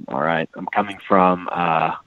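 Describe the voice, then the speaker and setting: A man's voice: low voice, fairly even intonation, a little slow, narrow, tinny audio. A man from Kentucky with a light Southern accent, chatting on a podcast in a rambling, hesitant way with lots of fillers. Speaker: podcast co-host. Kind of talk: casual chat.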